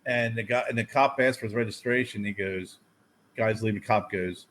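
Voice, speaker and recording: A man co-hosting a podcast in casual chat, an animated and profane storyteller who acts out his own past lines. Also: fairly low pitch, moderate pace. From United States. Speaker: podcast co-host.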